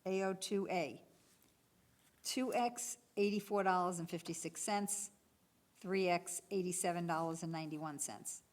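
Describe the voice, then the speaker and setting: A woman serving as a municipal clerk, reading out item codes and bid prices at a public bid opening in a steady, businesslike way. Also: fairly low pitch, unhurried.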